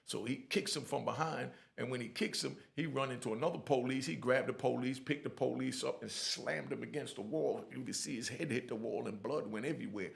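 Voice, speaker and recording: A middle-aged man telling his own prison stories in blunt, lively street talk, often asking "you know what I mean". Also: mid-range voice, fairly quick, vocal fry, hardly any pauses. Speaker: storyteller sharing prison stories. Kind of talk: casual storytelling.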